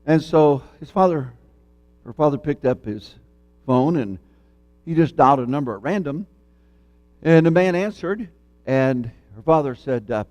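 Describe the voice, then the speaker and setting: A man preaching a sermon in church, telling a folksy story and then speaking in a measured, earnest way. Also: a little high, animated, a little mellow, no echo. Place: church sanctuary.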